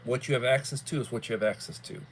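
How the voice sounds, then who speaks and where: A man's voice: medium pitch, fast, a little hiss or hum. A man hosting a livestream in casual chat, rambling in a folksy way and repeating himself. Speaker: livestream host.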